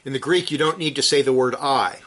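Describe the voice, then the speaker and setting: A man preaching a sermon, teaching from scripture in an emphatic way that rises to forceful peaks and then drops low and quiet. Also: fairly quick.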